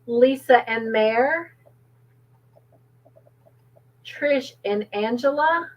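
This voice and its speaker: Cheerful woman trivia host, higher voice, unhurried delivery, dull lo-fi sound. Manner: cheerful, reads out viewers' comments and laughs often. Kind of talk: livestream trivia hosting.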